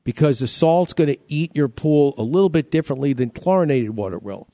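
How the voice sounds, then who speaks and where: Man, radio host, casual chatty talk, warm mellow tone, dry close sound. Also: fairly high pitch, expressive, a little fast, no room sound. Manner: chatty, repeats himself, joking.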